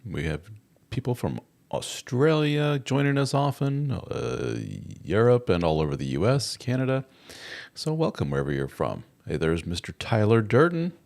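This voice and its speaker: A man's voice: mid-range voice, very animated, normal speed, darkish tone. A middle-aged man hosting a casual live-stream chat, jokey and chatty as he greets viewers and reads their comments aloud. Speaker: host of a live chat show.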